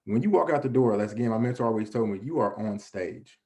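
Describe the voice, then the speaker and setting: A man's voice: lowish voice, lively intonation, fast talker, mellow. A man giving a motivational presentation to a young audience. He speaks in an earnest, conversational way, often restarting and filling with "you know", and asks and answers his own questions. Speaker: guest presenter.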